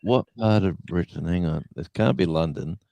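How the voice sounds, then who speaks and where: A man's voice: low voice, normal speed, creaky, warm tone, no room sound. An Australian man from Tasmania co-hosting a live stream with easygoing banter. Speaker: co-host. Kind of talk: casual live-stream chat.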